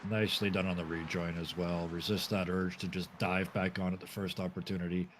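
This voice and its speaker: A man from Canada calls a sim race live in a chatty, easygoing way, laughing often between remarks. His voice sits low, with a faint hiss of noise behind it. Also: flat delivery, fairly quick, poor audio. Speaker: sim racing commentator.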